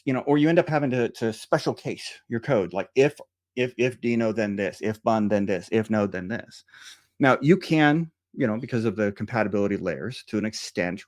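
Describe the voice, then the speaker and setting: A man presenting a software conference talk in a loose, conversational way, with many fillers, restarts and "right?" checks. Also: medium pitch. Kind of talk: technical presentation.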